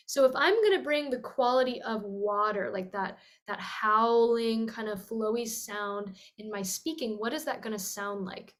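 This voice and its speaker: A young woman teaches voice in an earnest, flowing way, with a fairly high speaking pitch. She breaks off to demonstrate with sighs and sung vowels. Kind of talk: teaching talk with vocal demonstrations.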